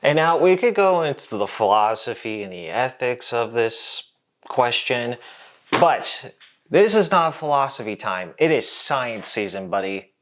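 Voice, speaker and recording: A man's voice: mid-range voice, lively intonation, a little slow, a bit bright. A man hosting an educational science vlog, explaining in a casual, jokey way with asides to the viewer. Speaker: host.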